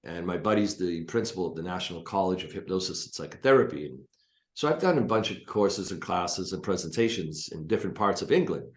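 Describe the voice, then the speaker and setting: A man's voice: deep voice, lively intonation, a little fast, roomy sound. A male hypnotist and coach, a guest talking on a video call from his office, explaining things emphatically with blunt asides. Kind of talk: casual spoken teaching.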